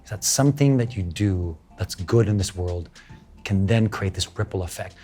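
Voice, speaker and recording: With faint music in the background, a deep-voiced middle-aged Filipino man speaks at a moderate pace as an interview guest. He blends Tagalog phrases into his English storytelling and animatedly acts out what others told him.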